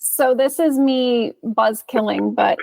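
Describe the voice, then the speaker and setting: A woman's voice: on the high side, steady tone, slow, vocal fry, a little mellow, no room sound. A woman guest on a podcast, speaking casually in a thoughtful, earnest way. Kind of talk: casual chat.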